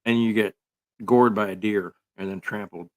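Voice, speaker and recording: A man's voice: fairly low pitch, steady tone, moderate pace. A man giving casual, rambling commentary full of sarcastic jokes and filler words.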